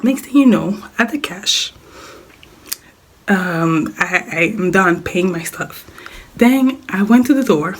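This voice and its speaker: A young woman records a casual life-update vlog while sick, her voice hoarse and raspy like a smoker's. She speaks slowly, at a middling pitch, rambling, repeating words, and breaking off to cough. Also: expressive, a little hiss or hum. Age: young adult. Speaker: vlogger.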